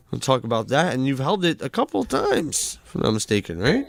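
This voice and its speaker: A man's voice: fairly high pitch, big pitch swings, normal speed, gravelly, hardly any pauses. A man hosting a casual podcast interview, teasing his guest and laughing as he reads out. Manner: teasing, laughs often while reading. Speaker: podcast host.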